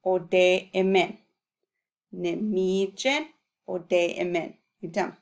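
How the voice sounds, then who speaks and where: A woman teaching an Ojibwe vocabulary lesson, sounding out words slowly and coaxing learners to repeat after her. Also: on the low side, fairly even intonation. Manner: patient, coaxing repetition for learners. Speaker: language teacher.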